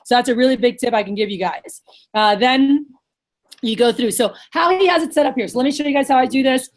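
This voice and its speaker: Blunt, energetic woman coaching a team. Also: brisk. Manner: blunt, energetic, swears casually; acts out lively sales pitches. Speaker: sales manager trainer. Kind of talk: casual coaching talk.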